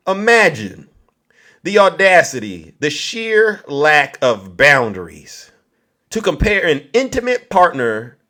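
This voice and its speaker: A man holds forth to his live-stream audience in a mock-solemn, sermon-like speech. His voice sits a little on the high side, and he leans into a theatrical, preachy delivery with drawn-out pauses. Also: a bit bright.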